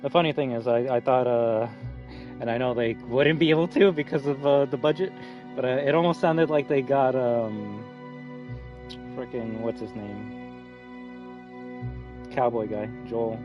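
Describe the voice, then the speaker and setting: A man's voice: mid-range voice, fairly even intonation, measured pace, long pauses. A man live-streaming a game, talking casually and rambling, swearing often and restarting his sentences. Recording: slightly muffled with faint music.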